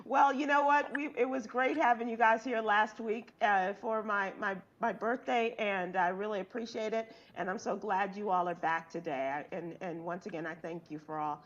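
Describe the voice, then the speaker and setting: A woman's voice: medium pitch, fairly even intonation, normal speed, few pauses, muffled recording. A woman hosting a live talk show who welcomes guests and laughs along with their jokes. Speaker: host.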